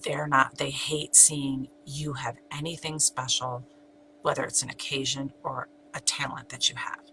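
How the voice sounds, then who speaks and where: Her voice rumbles low and moves a little slowly in a rough recording with a constant hum behind it. This middle-aged channel host and abuse survivor shares her own story with emphasis and repetition, at times whispering.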